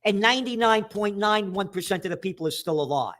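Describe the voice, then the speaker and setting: Brief: middle-aged male commentator, sharp and angry, cursing, higher-pitched, bursts of shouting. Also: expressive, a little fast. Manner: profane, angry, shouts for emphasis. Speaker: trends commentator. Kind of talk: ranting news commentary.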